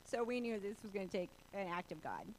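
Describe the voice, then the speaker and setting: A woman in her forties telling a personal faith story, animated and laughing often as she acts out the voices of people she quotes. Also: mid-range voice, quick pace, slight background noise, poor audio. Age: 40s.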